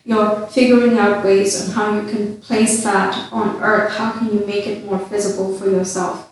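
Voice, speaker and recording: Lady doing a tarot reading, slow and easy, super echoey room. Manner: calm, unhurried, with gentle fillers. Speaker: tarot reader. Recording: very echoey room, mic at a distance, faint rumble.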